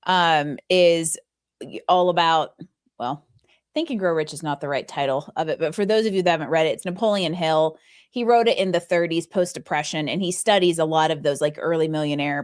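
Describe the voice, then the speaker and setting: A woman's voice: deep voice, no echo, studio quality. A woman co-hosting a casual podcast chat, talking animatedly and laughing often. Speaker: co-host.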